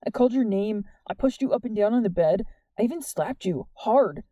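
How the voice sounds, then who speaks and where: A woman reading the part of an earnest, worried teenage boy who talks softly and sincerely in an audiobook. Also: mid-range voice, expressive, a little fast, dry recording, close to an everyday voice. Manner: soft, plain and sincere.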